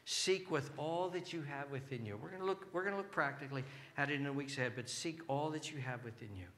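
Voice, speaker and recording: A male pastor preaching a sermon with passion, dropping to hushed whispers and rising to shouted pleas. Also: on the high side, quick pace, slight background noise.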